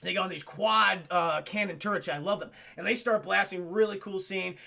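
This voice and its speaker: A man streaming live, recapping a film to his chat in a casual, profane, animated way. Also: high voice, normal speed, gravelly. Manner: profane, animated, laughs often.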